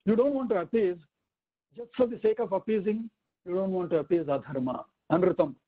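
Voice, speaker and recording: A man teaching a weekly scripture class, explaining step by step with rhetorical questions and slow recitations. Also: sits high, slightly rough, narrow, tinny audio. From India. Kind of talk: weekly online scripture lesson.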